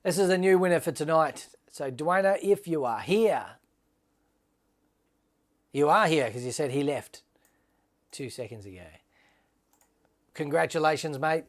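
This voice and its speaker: A man's voice: on the high side, lively intonation, unhurried, pauses often. Chatty man hosting a livestream. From Australia. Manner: chatty, calls viewers mate, upbeat. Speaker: livestream host. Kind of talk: casual livestream giveaway chat.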